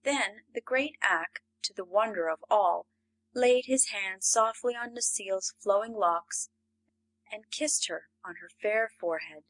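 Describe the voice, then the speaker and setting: A woman reading a classic storybook aloud as an audiobook narrator, measured and expressive. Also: medium pitch, low-quality recording.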